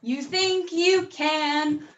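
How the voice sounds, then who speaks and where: A woman's voice: high-pitched, steady tone, drawn-out words, a bit bright, heavily acted. A woman playing a sulky, melodramatic pizza cook in a sixties lounge improv scene, singing now and then. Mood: dramatic. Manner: drawling, dramatic, breaks into song. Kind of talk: online improv comedy.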